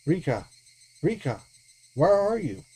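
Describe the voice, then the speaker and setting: Man as a timid girl spirit, high-pitched, hesitant, stammering, lively pitch. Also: slow pace, slightly rough, exaggerated voice. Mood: faint calling. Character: timid girl spirit deity, anxious and meek.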